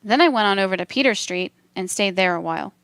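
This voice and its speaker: A woman reading a transcript aloud for a documentary in a measured, steady delivery. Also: mid-range voice, dry recording. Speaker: documentary reader.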